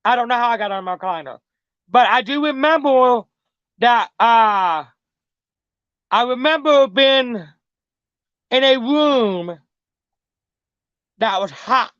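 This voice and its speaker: A woman's voice: a little high, animated, slow, pauses often, no room sound. A middle-aged woman telling a story as an interview guest in a casual, rambling, repetitive way, swearing freely. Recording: dull lo-fi dry recording.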